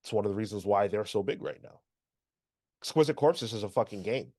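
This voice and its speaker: A man co-hosting a comics podcast, reading chat and ranting in an animated, exasperated way. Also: on the low side, fairly quick. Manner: animated, swears, exasperated rants. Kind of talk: casual chat.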